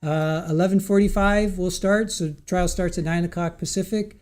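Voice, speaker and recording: A man's voice: sits high, fairly even intonation, moderate pace, a little mellow. A man hosting a live stream, chatting casually and rambling with restarts as he reads viewer comments aloud. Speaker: livestream host.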